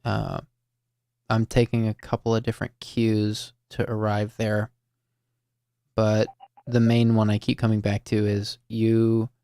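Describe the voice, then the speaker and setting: A man hosting a call-in listening show, talking slowly and thoughtfully to a caller with many fillers and restarts. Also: lowish voice, monotone, warm tone, no room sound, studio quality. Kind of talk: reflective, gentle conversation with a caller.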